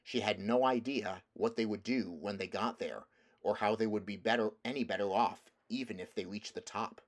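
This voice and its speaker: A man narrating a children's fantasy novel aloud in a steady, measured reading voice, now and then restarting a phrase. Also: lowish voice. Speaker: audiobook reader. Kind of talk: storybook narration.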